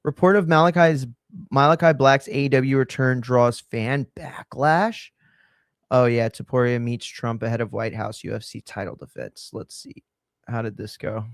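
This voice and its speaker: A man's voice: mid-range voice, normal speed, no echo, studio quality. A man hosting a reaction commentary show, sarcastic and profane as he reacts to clips. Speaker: host.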